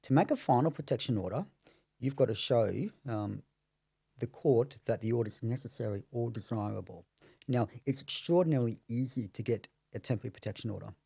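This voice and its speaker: A man in the role of a family lawyer walks through court procedure in a measured, explanatory way. His voice is gravelly, husky and dark, recorded dry and close on a podcast mic. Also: medium pitch, no room sound.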